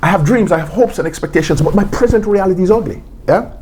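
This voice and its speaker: A man's voice: high voice, fast, a little mellow, a little hiss or hum. A man telling stories as an interview guest, acting out quotes and laughing often. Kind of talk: storytelling interview.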